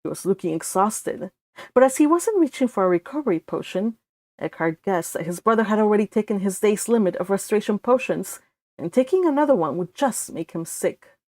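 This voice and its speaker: Mulher lendo uma história em voz alta. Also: female voice, medium pitch, a little fast, no room sound. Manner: steady storytelling with occasional slips. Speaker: fan fiction author reading aloud. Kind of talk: read-along narration.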